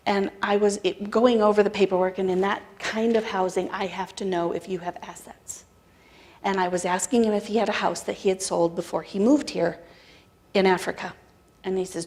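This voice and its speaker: A middle-aged American woman giving a spiritual talk, telling a story in a conversational, animated way and acting out the dialogue. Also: mid-range voice, fairly quick. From United States. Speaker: spiritual practitioner speaker. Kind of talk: sermon storytelling.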